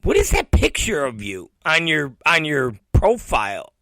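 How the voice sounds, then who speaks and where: A man hosting a show, rambling and swearing through a casual rant with a high, wildly swinging voice. He talks slowly but brightly, with a close, dry sound. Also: wildly swooping pitch, creaky. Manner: rambling, profane, laughing. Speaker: show host. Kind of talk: profane casual podcast rant.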